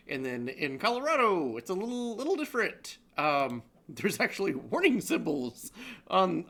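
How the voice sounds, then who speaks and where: A man's voice: a little high, fairly bright tone. A man co-hosting a comedic live-streamed news roundup, rambling and joking, often laughing. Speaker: co-host.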